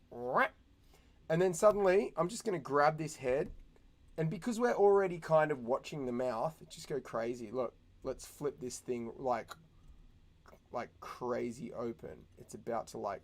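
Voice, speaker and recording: A young man teaching animation in a casual, chatty way, thinking out loud and making little sound effects as he works. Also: medium pitch, moderate pace. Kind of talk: casual screen-recorded tutorial.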